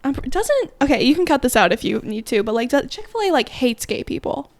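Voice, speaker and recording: A woman giving her opinions as a podcast guest in an animated, casual way. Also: high voice, a little fast, no echo. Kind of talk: casual chat.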